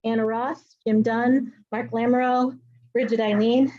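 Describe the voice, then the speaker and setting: A woman organizing a poetry event, announcing in a casual, halting way with fillers. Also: a little high, little pitch movement, highs cut off.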